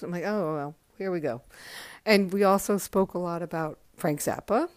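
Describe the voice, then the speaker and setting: A woman's voice: fairly low pitch, moderate pace, smooth, no echo. A woman telling stories on her podcast, overtired, rambling and correcting herself as she goes. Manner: rambling, self-correcting, acts out quotes. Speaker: podcast host. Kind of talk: casual storytelling monologue. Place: home.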